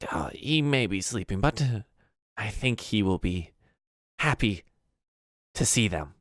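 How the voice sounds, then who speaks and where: A man voicing a kindly old goblin woman in a tabletop game, speaking in a high, cracked voice. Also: lively intonation, unhurried, a bit bright, no room sound, clean studio sound. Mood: welcoming.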